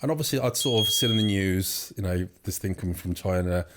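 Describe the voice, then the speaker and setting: A man's voice: low voice, brisk, heavy background noise. A young man telling his story as an interview guest, rambling with many fillers and restarts. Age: young adult. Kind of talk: casual storytelling.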